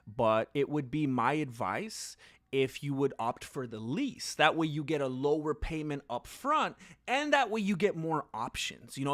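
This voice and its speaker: Man doing a slick car salesman: slow, deliberate, persuasive, with a dry, close sound. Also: fairly high pitch, fairly bright tone, no room sound. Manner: smooth, deliberate sales patter. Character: persuasive adult male car salesman pitching a lease.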